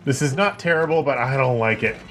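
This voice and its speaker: A man's voice: medium pitch, a little fast. A man giving let's-play commentary in a profane, joking, rambling way, with game music playing behind him. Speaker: gameplay commentator.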